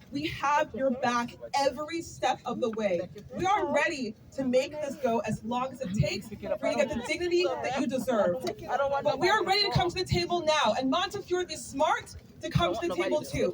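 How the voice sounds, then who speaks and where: A woman with a very high voice gives a rousing union speech outdoors. She is picked up from some distance, and a loud crowd cheers around her. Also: expressive, moderate pace. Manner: rousing call-and-response. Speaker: labor union speaker at a rally. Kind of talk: rally speech. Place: outdoor street rally. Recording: distant mic, crowd noise.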